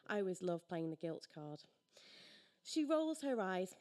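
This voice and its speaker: Animated woman telling a sardonic story. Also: mid-range voice, moderate pace. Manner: sardonic, acts out dialogue. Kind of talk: live first-person story reading. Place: live storytelling event.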